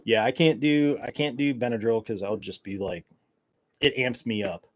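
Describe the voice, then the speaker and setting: A man's voice: medium pitch, normal speed, poor audio. A man hosting his podcast in a casual solo chat, rambling and joking in a caffeine-wired way with plenty of fillers. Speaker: podcast host.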